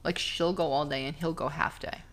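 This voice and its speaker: Wry, low-voiced woman podcast co-host. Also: a little fast. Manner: relaxed, wry asides and quiet complaints. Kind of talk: casual chat.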